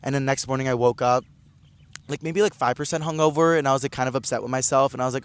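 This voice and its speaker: A man telling a casual storytime vlog, chatty and animated, acting out other people's lines in a higher voice. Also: fast talker, clean tone. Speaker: vlogger.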